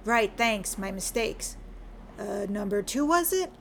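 A woman voicing a gruff, grumbling Scottish man adrift in a story, with a Scottish accent and self-mocking mutter. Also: mid-range voice, lively intonation, measured pace, fairly bright tone, a little hiss or hum. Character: gruff Scottish male sea detective, grumbling. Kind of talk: audiobook character reading.

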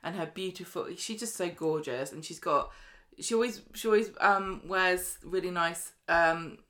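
A woman co-hosting a podcast, telling stories in an enthusiastic, animated way. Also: fairly low pitch, unhurried. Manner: enthusiastic, animated storyteller, laughs often. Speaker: podcast co-host. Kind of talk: casual chat.

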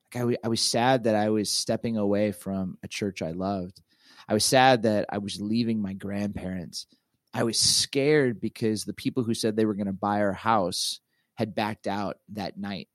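A middle-aged pastor and author with a lowish voice shares a story in a casual interview, talking animatedly but with frequent halts, fillers and restarts. The studio sound is clean, with no room sound.

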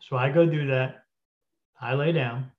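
A man telling a story casually as a podcast guest, acting out the dialogue and often clearing his throat. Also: mid-range voice, unhurried. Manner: animated retelling with quoted dialogue. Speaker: guest spirit medium. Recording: dull lo-fi audio.

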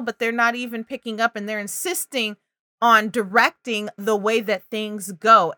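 A woman's voice: fairly high pitch, pushed and bright, no room sound, studio quality. A woman talking parents through early reading and language signs, acting out child and parent voices now and then. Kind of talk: parenting advice video.

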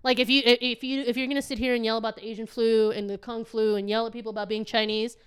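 High-voiced woman telling a story animatedly. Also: fast talker, smooth. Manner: animated, swearing, acts out quotes in changing voices. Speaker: podcast co-host. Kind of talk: casual storytelling chat.

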